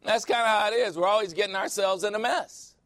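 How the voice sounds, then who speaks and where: An animated male pastor preaches with a slightly high voice, telling stories and slipping into playful quoted voices. The sound is dry and close, with little room around it. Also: fast, no echo. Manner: animated storytelling, quotes people in voices, laughs often. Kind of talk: sermon.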